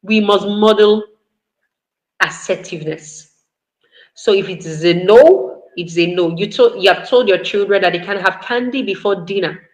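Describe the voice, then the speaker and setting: A woman's voice: mid-range voice, normal speed, lo-fi sound. A woman giving a parenting talk in an earnest, instructive way, repeating key points. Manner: earnest, repetitive instructive delivery. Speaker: parenting speaker.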